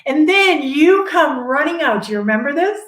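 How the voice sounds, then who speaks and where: Animated woman storyteller, higher voice, echoey room. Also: normal speed. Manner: animated, laughing, acts out quotes. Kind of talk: casual storytelling chat. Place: Sedona, Arizona.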